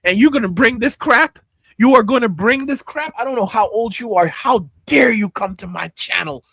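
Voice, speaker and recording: A man's voice: very high voice, expressive, moderate pace, creaky, a bit bright, slightly rough, no echo. A man hosting a livestream, ranting angrily at chat and repeating himself. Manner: angry, heated, repeats himself. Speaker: channel host. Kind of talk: livestream rant reacting to chat.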